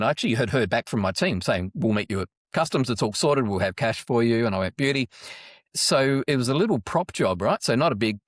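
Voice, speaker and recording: A middle-aged Australian man telling a story casually in an interview, rambling with many restarts and getting animated when he quotes people. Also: on the low side, no room sound, studio quality. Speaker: guest, anti-trafficking charity worker.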